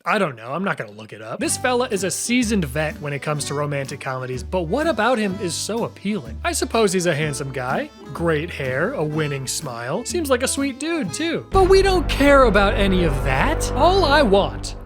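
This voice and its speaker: High-voiced sarcastic young man. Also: very animated, a little fast, few pauses, over music. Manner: sarcastic, jokey, talks straight to the viewer. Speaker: YouTube host. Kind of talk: comedic video commentary.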